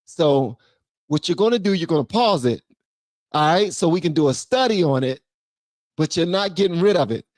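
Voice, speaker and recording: Excitable streamer reacting, dry close mic. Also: medium pitch, normal speed, no room sound. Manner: excitable, slangy, breaks off to react. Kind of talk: casual reaction commentary.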